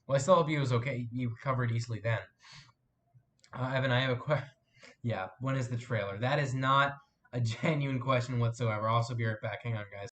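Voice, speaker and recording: A man's voice: medium pitch, fairly even intonation, brisk, fairly bright tone. A young man hosting a live stream from his desk, chatting casually and reading viewer comments, rambling with fillers and self-corrections.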